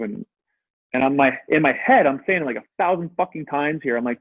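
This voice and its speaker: A man's voice: mid-range voice, fairly quick, dry recording. Man on a tinny phone-like line. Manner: animated, swears freely, acts out his own past words. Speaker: guest. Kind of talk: casual interview storytelling.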